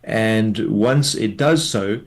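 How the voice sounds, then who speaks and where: A man, a tax law expert, explains a court ruling in a measured way, with many fillers, in a radio news interview. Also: on the low side.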